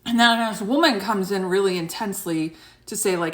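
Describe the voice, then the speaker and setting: Casting note: woman in her thirties, spiritual vlogger chatting casually, rambling with lots of fillers, mid-pitched voice. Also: a little fast, fairly bright tone. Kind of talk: casual chat to camera.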